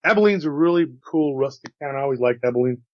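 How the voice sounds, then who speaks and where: A man with a faint Texas drawl tells a story in a loose, folksy way, turning aside to talk straight to his listeners. His voice sits at an ordinary pitch. The recording is dry and a bit muffled. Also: expressive, fast talker, no echo. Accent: slight Texas drawl. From Texas, USA. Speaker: host telling encounter stories. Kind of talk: casual storytelling.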